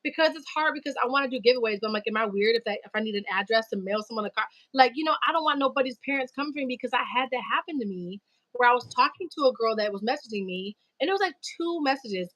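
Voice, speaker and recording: Fast-talking woman livestream host. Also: fairly high pitch, dry recording, low-quality recording. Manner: animated storytelling with slang and acted quotes. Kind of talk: casual chat.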